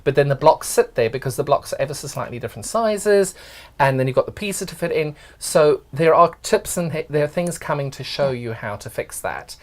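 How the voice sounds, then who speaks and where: A man's voice: on the high side, lively intonation, fairly quick. A man with a South African accent co-hosting a live sewing show, chatty and encouraging as he talks through his quilt design.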